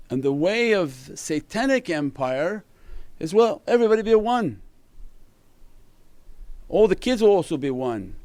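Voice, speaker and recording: A man's voice: a little high, darkish tone, no room sound. Earnest man giving a religious talk. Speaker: spiritual teacher.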